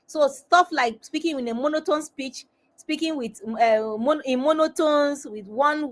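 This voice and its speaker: A woman's voice: sits high, normal speed. A woman hosting a live webinar as a confidence coach, talking straight to her viewers and repeating phrases for emphasis.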